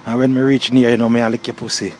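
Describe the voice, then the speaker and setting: A man's voice: medium pitch, flat delivery, fast talker. Jamaican guy leaving a flirty voice note outside, rambling patois, faint traffic behind. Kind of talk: casual voice note to a partner. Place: outdoors. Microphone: phone voice note.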